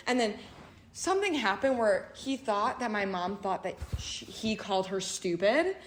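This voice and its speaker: A young woman co-hosting a podcast, telling an animated story full of fillers and bursts of laughter. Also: mid-range voice, moderate pace, a little hiss or hum. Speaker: podcast co-host. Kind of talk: casual storytelling chat. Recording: roomy echo.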